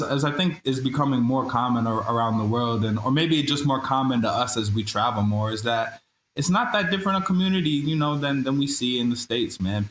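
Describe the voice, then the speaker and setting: A man co-hosting a podcast remotely from abroad, talking in a relaxed, slangy and reflective way. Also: mid-range voice, echoey room, slight background noise. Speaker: podcast co-host. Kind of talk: casual podcast chat. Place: abroad, away from usual studio.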